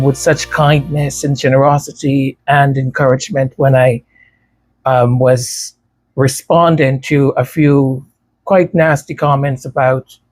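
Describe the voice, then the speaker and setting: Slow-talking man with a stutter. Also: medium pitch, a little mellow. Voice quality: tongue-tied, some sounds hard to pronounce. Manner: stutters, repeating words. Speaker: music creator speaking to supporters. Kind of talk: casual talk to viewers.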